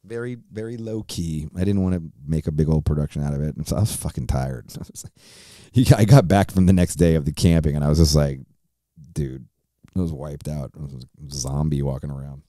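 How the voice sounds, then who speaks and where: A man's voice: rumbling low, a little fast, warm tone, no room sound, clean studio sound. A man in his forties hosting his own podcast, chatting casually in a rambling, profane way and laughing often. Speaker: podcast host. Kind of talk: casual solo podcast chat.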